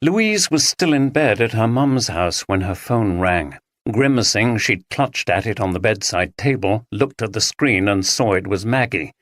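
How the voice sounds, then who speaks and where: A narrator reading a drama audiobook in an even, measured way, close to the mic. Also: mid-range voice, no room sound.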